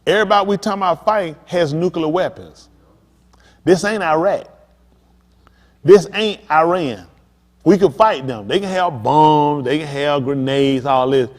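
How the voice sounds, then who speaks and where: A man's voice: on the high side, normal speed. Preaching man in a reverberant hall. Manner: emphatic, talks straight to the congregation. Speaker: pastor. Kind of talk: preaching sermon.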